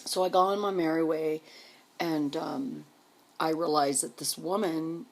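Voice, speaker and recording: A woman casually telling a personal story, blunt and full of swearing, clearing her throat now and then. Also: deep voice, fairly even intonation, measured pace. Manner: blunt, profane, candid.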